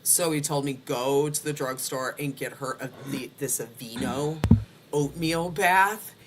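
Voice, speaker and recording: A woman's voice: low-pitched, measured pace, slight background noise. A woman co-hosting a casual online talk show, telling personal stories with frequent laughter. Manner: chatty storyteller, laughs often. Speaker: podcast co-host. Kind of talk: casual chat.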